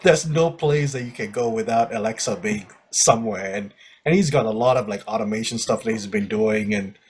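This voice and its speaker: A man from Malaysia co-hosting a podcast, talking in a relaxed, chatty way and laughing often. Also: on the low side, normal speed, slightly rough. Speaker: podcast co-host. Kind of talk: casual chat.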